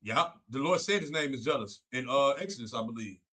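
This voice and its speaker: A man's voice: mid-range voice, expressive, a little fast, bright, forceful tone. A young man co-hosting a faith talk show, preaching on scripture in a fervent, repetitive, colloquial way. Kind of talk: preaching Bible study talk.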